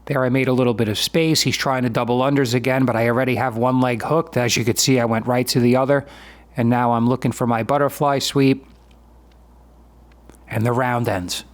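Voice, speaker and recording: His mid-range voice stays fairly even in intonation and moves a little fast. In this voice-over, a man in his fifties walks through his own sparring video from grappling, explaining it matter-of-factly and conversationally.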